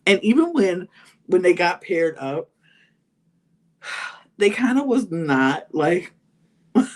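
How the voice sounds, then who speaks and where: A woman's voice: on the low side, big pitch swings, slow pace, pauses often. A woman hosting a podcast, casually recapping a reality show, full of "like" and "you know" and acting out what people said. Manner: chatty, full of "like" and "you know", acts out quotes. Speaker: podcast host.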